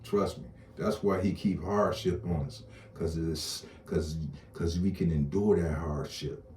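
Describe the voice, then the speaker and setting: Deep-voiced man ranting bluntly to camera; mic set back, faint background hum. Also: steady tone, unhurried, a little mellow. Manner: blunt, profane, repetitive. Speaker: online commentator. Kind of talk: casual rant to camera. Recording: roomy echo, distant mic, faint ambience.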